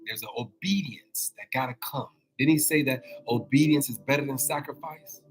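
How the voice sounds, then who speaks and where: A man's voice: medium pitch, low-quality recording. A man hosting a casual spiritual motivational talk. He speaks in colloquial language, repeats himself, and calls out directly to his listeners. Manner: colloquial, drawn-out phrasing. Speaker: host.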